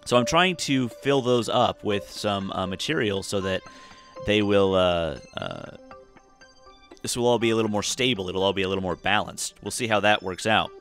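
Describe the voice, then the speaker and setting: Yawning and tired, a man talks loosely through a space game as a let's-play commentator, piling on fillers and restarting often. He has a lowish, slightly bright voice at a moderate pace, with faint background music.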